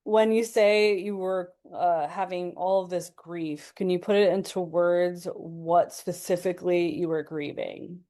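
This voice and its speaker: Slow, mellow-voiced woman host. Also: fairly low pitch, steady tone. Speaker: podcast host. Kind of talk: interview questions.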